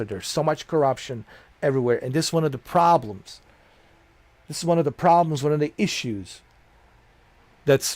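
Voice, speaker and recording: A middle-aged gaming streamer with a medium-pitched voice delivers a livestream rant, blunt, profane and preachy. The recording has no room sound.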